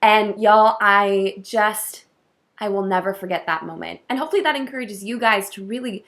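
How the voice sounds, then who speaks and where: A woman's voice: mid-range voice, normal speed. Gushing, heartfelt woman wedding planner. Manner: effusive and heartfelt, gushing, with soft laughs. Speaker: wedding coordinator. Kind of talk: casual vlog recap to camera.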